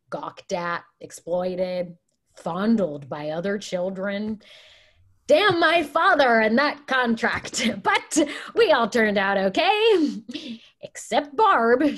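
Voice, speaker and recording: A woman reads a brash, tactless counselor who rambles through her stories. Her voice sits at an everyday middle pitch, heard over a video call. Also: a bit bright. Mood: gossipy. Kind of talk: Zoom play reading.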